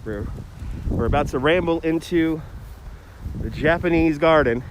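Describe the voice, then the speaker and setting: A chatty man live streaming a stroll outdoors, talking into a phone on a gimbal. His voice sits a little high for a man and he rambles easily, reading out and answering viewers' comments. A faint city hum runs behind him. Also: a little slow. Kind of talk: casual walking livestream chat. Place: outdoors in a city park and garden. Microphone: phone on a handheld gimbal.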